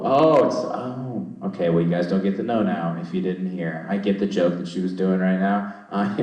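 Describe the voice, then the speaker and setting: A man's voice: low-pitched, a little mellow, very echoey, distant mic, rough recording. A young man doing loose crowd work at a comedy show, rambling, swearing and mocking himself. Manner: rambling, swearing, self-deprecating. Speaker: stand-up comedian. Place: comedy club stage.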